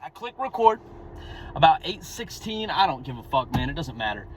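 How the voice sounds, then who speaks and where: A man's voice: on the high side, very animated, moderate pace, slight background noise, low-quality recording. A young man talking to his own camera in a blunt, rambling, profane way, a little out of breath. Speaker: vlogger. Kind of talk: casual monologue to camera.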